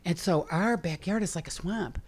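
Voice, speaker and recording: A woman, a bug repellent maker giving a chatty, animated interview full of quick asides. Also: lowish voice, breathy edge. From Chicago, USA. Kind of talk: casual interview talk.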